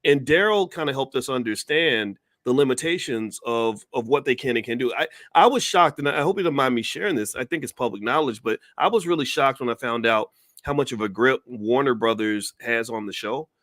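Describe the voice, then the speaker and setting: A man's voice: medium pitch, expressive, a little fast, hardly any pauses, a bit bright, dry recording, studio quality. A man talking on a video call as a guest commentator, giving long, opinionated explanations in casual conversation.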